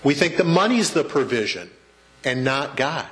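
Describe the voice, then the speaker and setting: A man's voice: mid-range voice, big pitch swings, normal speed, fairly bright tone. Man preaching, chatty and joking. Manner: conversational preacher, asks the congregation questions and jokes. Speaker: pastor. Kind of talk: sermon to a live congregation. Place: church sanctuary.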